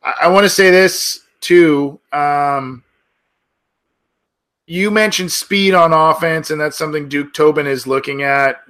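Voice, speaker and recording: A man's voice: on the high side, fairly even intonation, unhurried, fairly bright tone. A man hosting a sports podcast, talking casually with many fillers and restarts. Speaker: podcast host.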